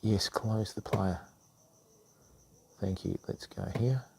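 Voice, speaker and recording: A man's voice: lowish voice, fairly even intonation, takes it slowly, gravelly, darkish tone, a little hiss or hum. Chatty Australian man hosting a live stream. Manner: chatty, calls everyone mate and bud, lots of ums. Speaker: fishing channel host. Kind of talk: casual live stream chat with viewers.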